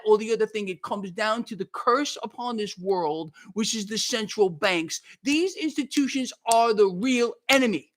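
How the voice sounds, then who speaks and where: A man's voice: high voice, a bit bright. A man hosting a livestream, ranting in a heated, worked-up way, repeating himself and thanking viewers by name. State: worked up and sweating. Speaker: market commentary livestream host.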